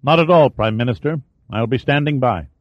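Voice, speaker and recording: A brisk, dutiful male police commissioner, as an audiobook narrator puts him on, crisp and reassuring, pitched a little higher than the narration. The recording is dry and slightly dull. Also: no echo, natural voice.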